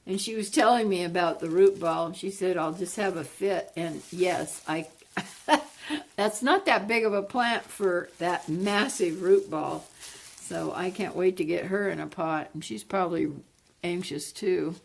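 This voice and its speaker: A woman chats through a plant unboxing for her vlog, exclaiming over each leaf. Her voice sits low with a gravelly edge. She talks at an easy, unhurried pace. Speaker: plant vlogger. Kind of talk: casual unboxing chat.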